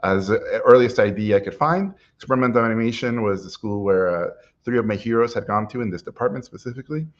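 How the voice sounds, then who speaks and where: A middle-aged man telling a personal story in a lively way, acting out what people said to him, with frequent "uh"s. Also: fairly low pitch, quick pace, highs cut off. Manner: lively anecdotal, acts out quotes, frequent "uh". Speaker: animation guest speaker.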